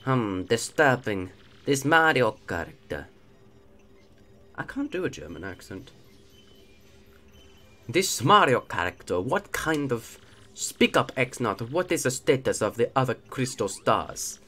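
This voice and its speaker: A man's voice: deep voice, wildly swooping pitch, fast, hardly any pauses, breathy edge, pitched below the performer's own voice, full character voice. A man doing a pompous villain commander. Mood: menacing.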